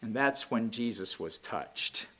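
A man preaching a sermon, reading scripture aloud and rising to loud, impassioned peaks. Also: medium pitch, moderate pace. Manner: reads scripture aloud in King James wording. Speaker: pastor.

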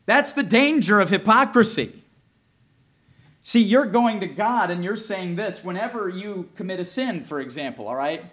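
A man preaching with great passion, his somewhat high voice leaping and falling all through. He drops to near whispers, then climbs to loud pleading cries. He acts out each voice he quotes. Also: expressive, normal speed. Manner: impassioned, swings from soft to loud cries. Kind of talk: sermon.

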